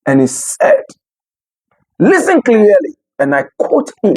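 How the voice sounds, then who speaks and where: A commentator from Africa giving casual news commentary, animated and laughing often between remarks. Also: medium pitch, slow pace, husky, poor audio.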